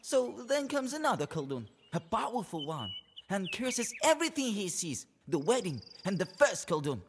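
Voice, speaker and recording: Brash young witch hunter, high voice, faint hiss behind, video game role. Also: big pitch swings, normal speed. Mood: sly. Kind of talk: game voice acting.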